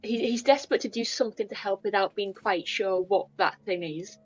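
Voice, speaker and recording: A woman's voice: mid-range voice, fairly quick, highs cut off, soft background music. A woman playing a tabletop game, describing her character in a chatty, hesitant way. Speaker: player.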